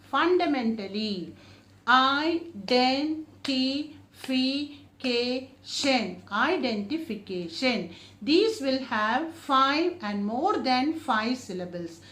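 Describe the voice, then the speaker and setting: Woman teacher for a children's English lesson, high and lively, drawn-out words, roomy echo. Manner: slow, drawn-out modelling of each word, often repeated; asks the class questions and answers them herself.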